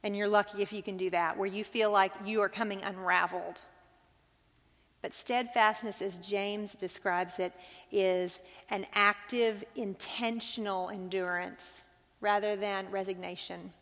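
A woman's voice: mid-range voice, fairly even intonation, a little slow, a bit bright. An earnest woman leads a Bible study, putting questions to her group. Her voice sits in a middle register and rings out with the long reverb of a big hall.

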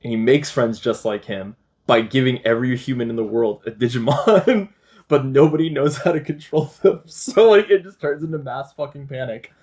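Animated young man retelling a story. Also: medium pitch, normal speed, slightly rough. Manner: animated storyteller, swears and laughs often. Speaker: podcast host. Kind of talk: casual chat.

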